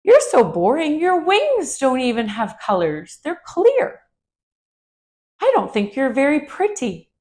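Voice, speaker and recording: A woman's voice: high voice, wildly swooping pitch, slow pace, a little mellow, voice pushed up, heavily acted. A woman voicing a proud, vain male snake who looks down on a bee in a children's yoga story. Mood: snooty. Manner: snooty, vain.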